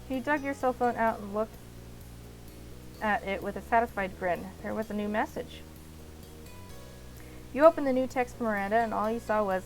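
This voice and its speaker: Woman narrating a game, slightly gravelly. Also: fairly high pitch, lively intonation, moderate pace, faint music behind, rough recording. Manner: second-person narration, light slips. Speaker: let's play narrator. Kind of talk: reading a visual novel aloud.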